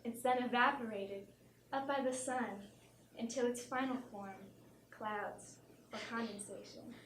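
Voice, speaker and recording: A woman's voice: a little high, a little slow, fairly bright tone. A young woman comedian on stage doing a mock-earnest self-help talk, giggling between lines, heard from far off in a noisy, echoey theater. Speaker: stand-up comedian. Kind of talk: parody motivational talk on stage. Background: audience laughter.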